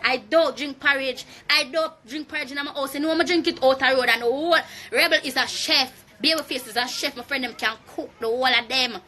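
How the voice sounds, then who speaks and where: A young woman with a Jamaican accent, ranting loudly and profanely on a phone livestream, taunting a rival. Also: sits high. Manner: loud, profane, taunting rant. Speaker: Instagram live streamer. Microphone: phone mic.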